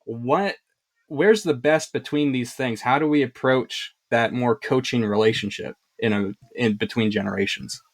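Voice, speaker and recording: A man's voice: medium pitch, normal speed. A man hosting an interview, asking a long question in a hesitant, thoughtful way. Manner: thoughtful, hesitant phrasing with light laughs. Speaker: podcast host.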